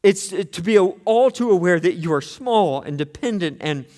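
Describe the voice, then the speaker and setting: A man preaching a sermon as pastor, earnest, moving between hushed and intense delivery, often repeating words as he starts a phrase. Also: sits high, lively intonation, moderate pace, in a large hall. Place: church sanctuary.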